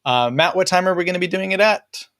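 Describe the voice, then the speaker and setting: A man's voice: high-pitched, quick pace, fairly bright tone, no room sound. A man with a Southern US country accent, co-hosting a casual live-stream chat in an easygoing way. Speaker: podcast co-host.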